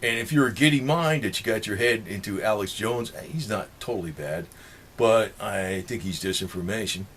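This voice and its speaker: A man's voice: on the low side, moderate pace, a bit bright, a little hiss or hum. A man with a New Jersey accent rambling in a monologue to his viewers, swearing freely and chuckling between points. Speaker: political vlogger.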